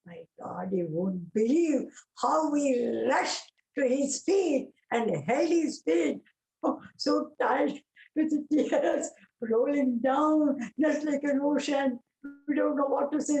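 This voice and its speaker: An older woman with a South Indian English accent tells devotional stories in a slightly high voice. Her telling is emotional and vivid, full of exclamations, and the room around her carries a clear echo. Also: slow pace, darkish tone. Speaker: devotee sharing experiences. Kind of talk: devotional storytelling talk. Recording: roomy echo.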